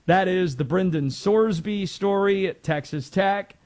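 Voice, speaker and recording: Chatty sports radio host, fairly high voice. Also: male voice, a little slow, darkish tone. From North Carolina. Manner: chatty, laughs easily, rambling asides. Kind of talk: casual sports talk.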